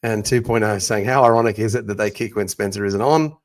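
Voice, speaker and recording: A man hosting a casual sports watch-along, chatting and reading out viewer comments in a loud, booming voice. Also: a little fast. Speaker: podcast host.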